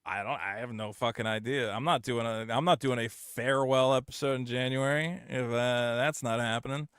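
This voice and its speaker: A man's voice: mid-range voice, steady tone, normal speed, a bit bright, clear, resonant tone, no echo, studio quality. A man hosting a podcast in casual, blunt, profane chat, often mocking others in exaggerated voices. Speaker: podcast host.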